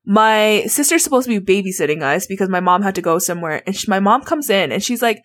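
A woman guest telling childhood stories in a casual, animated, giggly way, full of "like" fillers. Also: medium pitch, quick pace. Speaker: interview guest. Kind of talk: casual storytelling.

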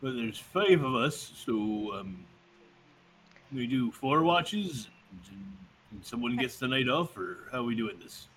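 A man's voice: mid-range voice, lively intonation, a little slow, a bit bright, a little hiss or hum. Man casually playing a tabletop character. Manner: casual, describes his character's actions. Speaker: player. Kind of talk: tabletop role-play chat.

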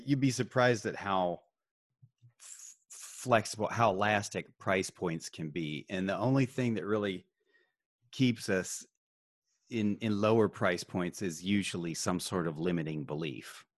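A male marketing consultant, a guest in a casual interview, giving calm, measured advice. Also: low voice, no room sound, clean studio sound.

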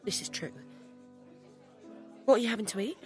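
A woman's voice: fairly high pitch, animated, normal speed, a little mellow, soft background music, natural voice. An actress playing Pen, a laid-back, teasing young woman in a comedy drama. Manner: dry, teasing, unbothered. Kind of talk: scripted comedy drama acting.

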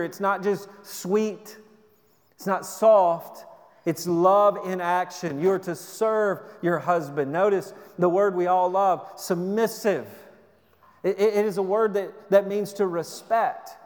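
A man's voice: high voice, steady tone, slow pace. A man pastor preaching a sermon in a church, earnest and exhorting, often restarting his sentences. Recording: long reverb of a hall.

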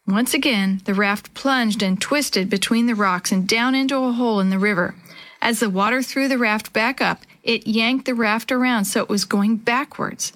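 A woman narrating a children's adventure story aloud, voicing the kids' lines in a higher, lively pitch. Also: moderate pace. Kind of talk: children's audiobook reading with character voices.

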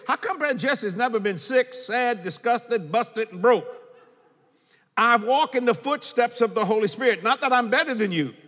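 A man's voice: extremely high pitch, pushed and bright, long reverb tail. A man preaching a sermon as pastor, quoting scripture and repeating key lines for emphasis.

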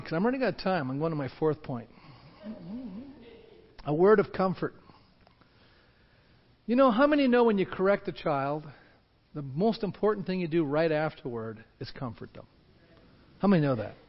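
A man preaching from the pulpit, his high voice swinging up and down as he acts out panicked crowds. The sound is a little dull and muffled. A long reverb trails after his words, as in a large church hall. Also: normal speed, pauses often. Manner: animated, acts out shouting crowds. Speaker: pastor. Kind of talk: sermon.

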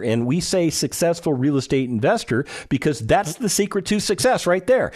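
Fairly high in pitch but darkish in tone, this man hosts a radio talk show. He talks in a blunt, emphatic, conversational way, firing questions directly at his audience.

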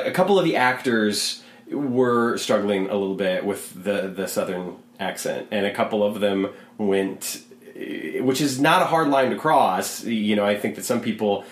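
Animated man chatting in an echoey room. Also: on the low side, normal speed. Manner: animated, rambling with restarts. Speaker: podcast co-host. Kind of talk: casual chat. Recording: roomy echo.

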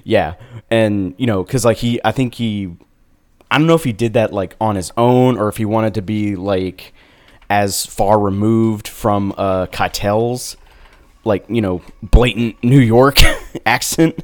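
A man's voice: lowish voice, measured pace, darkish tone. A man chatting casually about movies as a podcast co-host, rambling with lots of fillers. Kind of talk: casual film chat.

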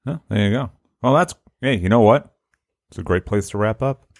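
A man's voice: fairly low pitch, normal speed, no room sound, studio quality. A man hosting a casual podcast, joking around and wrapping up the episode with plugs. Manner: lively, joking, wraps up the show. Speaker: podcast host.

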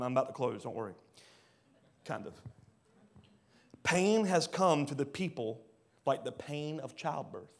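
A pastor preaching a sermon, swinging between loud rising bursts and quiet low drops. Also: male voice. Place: church hall.

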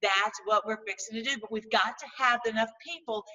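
Woman, chatty and animated, bright edge, a bit far from the mic. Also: on the high side, brisk. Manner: animated, chatty, religious, with many restarts. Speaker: political commentary host. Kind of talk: casual monologue to viewers.

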